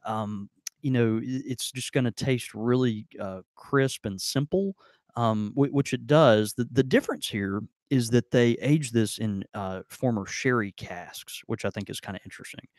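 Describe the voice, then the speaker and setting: Recorded in a clean studio with no echo, this Mississippi podcast co-host talks casually about a tasting, rambling and restarting often with plenty of fillers. His voice is medium-pitched, a little mellow, and unhurried.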